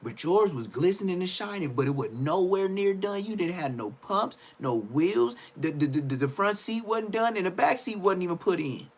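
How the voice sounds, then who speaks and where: A young man trash-talking on a livestream, loud and mocking. His pitch swings up and down with lively energy. He keeps repeating phrases and stumbles over his words. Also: normal speed, few pauses.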